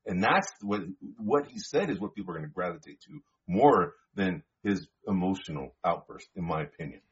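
A man co-hosts a sports talk show, talking in an easygoing, conversational way and repeating words as he thinks. His voice is deep and husky. The audio is dull and lo-fi. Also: lively intonation, moderate pace.

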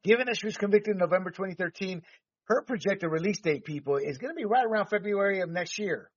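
A man's voice: sits high, expressive, quick pace, no echo, far from the mic. A man who grew up in Panama, hosting a podcast and delivering heated, emphatic political commentary with the odd swear word. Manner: heated, emphatic ranting with profanity. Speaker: podcast host. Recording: dull lo-fi, dry, set back from mic.

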